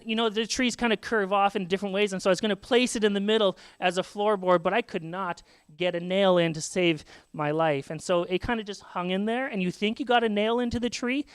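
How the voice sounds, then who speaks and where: A man's voice: high voice, fairly bright tone, clean tone, no room sound. A man in his thirties from Saskatchewan, a pastor telling family stories in a sermon and acting out children's voices. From Saskatchewan, Canada. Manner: storytelling, acts out children's voices. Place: church sanctuary.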